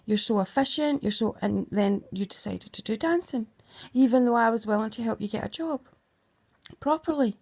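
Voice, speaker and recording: A woman's voice: a little high, expressive, moderate pace, darkish tone, breathy edge. A middle-aged woman, recounting grievances to her daughter in an emphatic, accusing way. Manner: accusing, emphatic, keeps asking "right?". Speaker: mother. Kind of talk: emotional recounting monologue.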